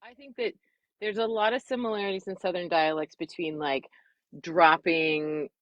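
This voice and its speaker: A woman who narrates audiobooks, explaining her craft in casual live-stream chat with thoughtful, animated phrasing. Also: lowish voice, normal speed, no echo, highs cut off.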